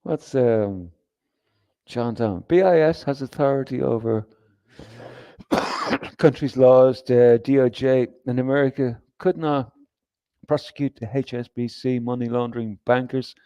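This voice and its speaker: A man's voice: mid-range voice, unhurried, pauses often, dark tone, no echo. A man hosting a livestream, talking in a rambling, profane, emphatic way with frequent restarts and reading comments from chat. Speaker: livestream host.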